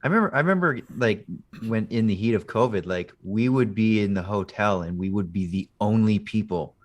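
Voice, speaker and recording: A man's voice: fairly low pitch, a little fast, dull audio. A man, a voice actor, chatting eagerly on a video call, with many fillers. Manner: enthusiastic fan talk, many fillers. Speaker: voice actor guest. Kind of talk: casual group chat.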